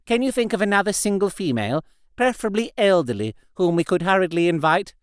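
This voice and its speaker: A man's voice: high voice, sing-song, smooth, no room sound, clean studio sound, pitched above the performer's own voice. A man voicing a fussy, gossipy young society lady in an audiobook. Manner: brisk, bossy, socially fussy.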